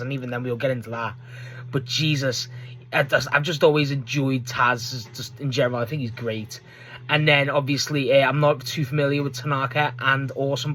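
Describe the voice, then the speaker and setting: A young man chats casually through a wrestling match recap, and his voice sits high. He gets excitable and swears often, and he jumps into shouted impressions of the promos. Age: young adult. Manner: excitable, swears a lot, acts out promo quotes. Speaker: wrestling video host.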